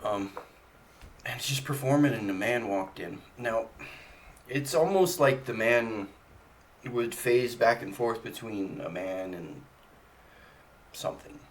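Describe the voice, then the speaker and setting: A man's voice: on the low side, slow pace, pauses often, a little hiss or hum. A man playing a tabletop game, speaking hesitantly with playful drama. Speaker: player. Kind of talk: in-character tabletop play.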